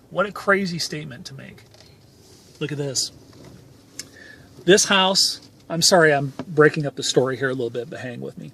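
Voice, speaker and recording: A man with a slightly higher voice tells a motivational story outdoors as he moves through a neighborhood. He talks emphatically and rambles, stopping often on "and, uh". Faint outdoor ambience sits under his handheld camera recording. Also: normal speed, gravelly, pauses often, sharp tone, a little hiss or hum. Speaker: motivational channel host. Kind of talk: personal story told while touring a neighborhood. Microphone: handheld camera filming as he goes.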